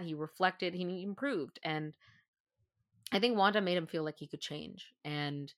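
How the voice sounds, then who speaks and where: Chatty podcast woman, bright voice. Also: on the low side, no echo, clean studio sound. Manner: chatty, thinks aloud with many fillers. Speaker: podcast co-host. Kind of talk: casual chat.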